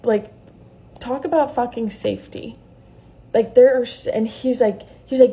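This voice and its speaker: A woman's voice: on the high side, steady tone, unhurried, mellow, a little hiss or hum. A woman retelling a frightening experience in a casual storytime vlog, heated and full of swearing.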